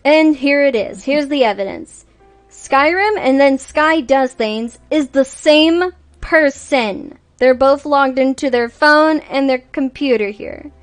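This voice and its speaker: Profane ranting female streamer, fairly high voice. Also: takes it slowly, faint music behind. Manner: exasperated, profane storytelling. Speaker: VTuber streamer. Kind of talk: casual livestream rant.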